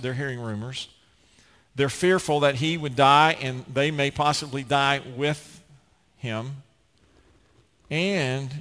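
A pastor preaches a sermon in an earnest, emphatic way, often restarting his phrases. His mid-range voice has a fairly bright tone, followed by a long reverb tail.

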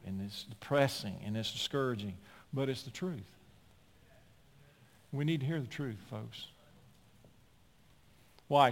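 A male pastor preaching a sermon with emphatic, folksy delivery, piling up repeated phrases and building toward near-shouting. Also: medium pitch. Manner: folksy asides and repeated words. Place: church sanctuary. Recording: long reverb of a large hall.

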